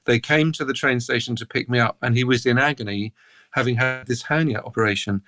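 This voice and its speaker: A man with an English accent tells stories with animated energy, as a guest on a podcast. His voice sits at a middle pitch. The sound is dry and close. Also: brisk, dry recording. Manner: animated anecdotes, breaks into laughter. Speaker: guest cellist. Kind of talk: storytelling in a podcast interview.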